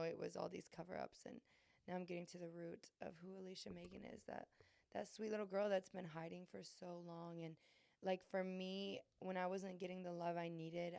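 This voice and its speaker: Gravelly low-voiced woman, candid and rambling. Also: little pitch movement, moderate pace, a little mellow, dry recording. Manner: earnest, rambling, many fillers and restarts. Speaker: podcast host. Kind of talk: candid confessional chat.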